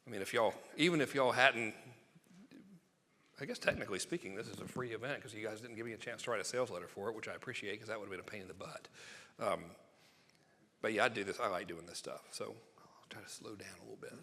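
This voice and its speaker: Excitable man in a reverberant hall. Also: fairly low pitch, a little hiss or hum. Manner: excitable, fast, joking, acts out quotes. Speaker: sales copywriting presenter. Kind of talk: live seminar talk.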